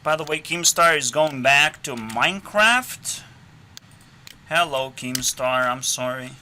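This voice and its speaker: Bright-voiced man ranting, slow and erratic. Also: medium pitch, a little hiss or hum. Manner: profane, erratic, swinging between shouting and muttering; trolling, laughing at his own provocations. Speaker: channel host. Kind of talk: unscripted rant to camera.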